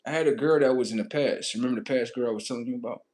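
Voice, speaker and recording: A man hosting a livestream, telling crude, comedic stories in an animated, rambling way. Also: mid-range voice, rapid-fire. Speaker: livestream host. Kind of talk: profane comedic storytelling.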